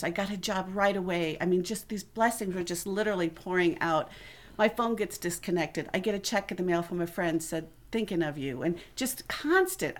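A middle-aged woman telling her personal testimony to a church congregation in an earnest, conversational way. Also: on the low side. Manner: earnest, conversational storytelling that acts out quoted voices. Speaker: church member giving a testimony.

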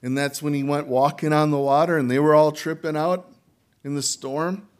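A man preaching as pastor, talking to the congregation in a casual, conversational way and asking them questions. He sometimes acts out panicked figures from the story in a strained high voice. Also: steady tone, moderate pace, clear, resonant tone. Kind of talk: sermon.

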